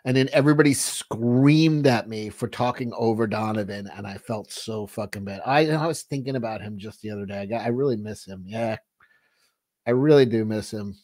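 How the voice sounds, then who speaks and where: A man's voice: on the low side, fairly quick, darkish tone. Rambling, foul-mouthed male stream host. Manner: rambling, profane, frequent restarts. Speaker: livestream host. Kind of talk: casual livestream chat.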